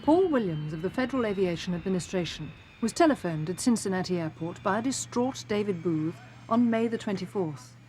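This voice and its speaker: A woman reading a scripted documentary voice-over in a crisp, formal way. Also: mid-range voice, animated, fairly quick, few pauses, mellow, slight background noise. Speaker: narrator. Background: music bed.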